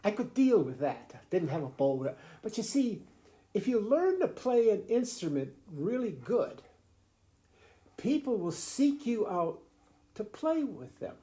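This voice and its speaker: His voice sits high yet carries a dark tone. As a grandfather, he tells a grandchild about the fiddle in a rambling, folksy home video lesson, chuckling and starting over repeatedly.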